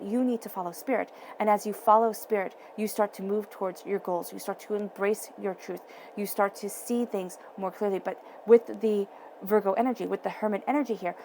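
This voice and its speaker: A woman's voice: medium pitch, gravelly, dark tone, slight background noise. Woman doing a tarot reading to camera, emphatic, says stuff twice, talks right at you. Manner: emphatic, repeats key phrases, speaks straight to the listener. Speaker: tarot reader. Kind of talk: tarot reading addressed to viewers.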